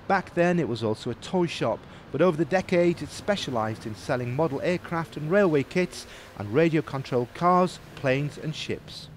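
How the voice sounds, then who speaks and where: A man's voice: on the high side, slight background noise. A male TV presenter narrating a local business show and bantering with his co-host. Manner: chatty, teasing banter with co-host.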